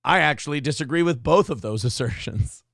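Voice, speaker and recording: Mocking and comedic, the male host rants in a high, gravelly voice that leaps around in pitch, spitting sarcastic, profane jabs. He's animated, fairly quick, and a bit bright. The sound sits close to the mic, dry, with no room around it.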